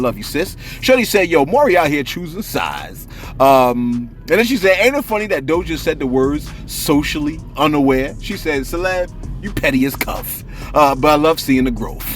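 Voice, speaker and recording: Animated man hosting celebrity gossip. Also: a little high, normal speed, soft background music. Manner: animated, joking, slangy asides. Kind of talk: casual celebrity commentary.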